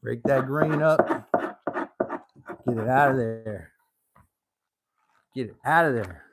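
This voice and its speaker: A man hosting a livestream from his workshop, chatting in a relaxed, folksy way and thinking aloud as he works on leather. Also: mid-range voice, takes it slowly, background noise. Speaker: host of a woodworking and leathercraft channel. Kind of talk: casual livestream how-to chat. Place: home workshop.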